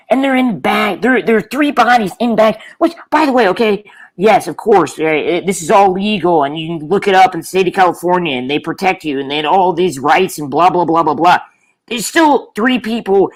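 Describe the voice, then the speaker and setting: A woman's voice: mid-range voice, close to an everyday voice, poor audio. A woman playing a flustered, put-upon female employee who rambles indignantly in an improvised comedy scene.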